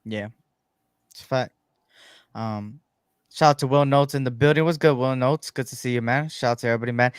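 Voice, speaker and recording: A man's voice: mid-range voice, brisk, pauses often, smooth, no echo, clean studio sound. A man co-hosting a live fan sports show, chatting easily and greeting viewers in the chat.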